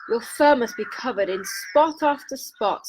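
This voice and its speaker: A woman's voice: on the high side, expressive, unhurried, noisy background. A woman voicing a boastful leopard in a children's storybook, half-whispering.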